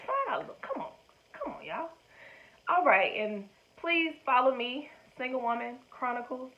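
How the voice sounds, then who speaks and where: Woman, vlogger, high voice, casual chat, encouraging, slangy, phone-like audio. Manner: chatty and encouraging, slangy asides. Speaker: vlogger giving dating advice. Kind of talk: casual direct-to-camera talk.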